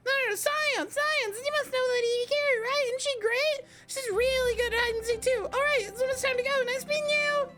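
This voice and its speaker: A woman voicing an excited little girl in a very high, squeaky voice, with game music behind. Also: brisk, few pauses. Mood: chirpy.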